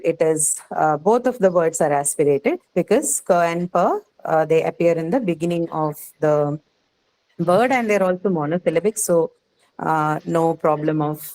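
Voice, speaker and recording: A woman's voice: lowish voice, expressive, normal speed, darkish tone, low-quality recording. Indian woman teacher quizzing a class. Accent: Indian English. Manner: explanatory, asks the class questions, frequent "okay" and "right". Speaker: English phonetics teacher. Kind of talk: classroom lecture.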